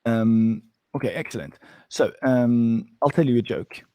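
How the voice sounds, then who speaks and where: A man teaching Mandarin phrases one on one, patient, modeling them slowly and laughing often. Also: mid-range voice, mellow, no room sound. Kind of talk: one-on-one language lesson.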